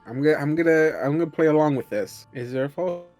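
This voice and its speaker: A man playing a tabletop game, complaining in an incredulous, animated way. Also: a little high, quick pace, soft background music. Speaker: player. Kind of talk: casual tabletop game chat.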